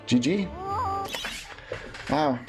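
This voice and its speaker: A man's voice: fairly high pitch, expressive, drawn-out words. A young man casually chatting and joking with his live-stream chat while playing a game. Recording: loud game music behind voice.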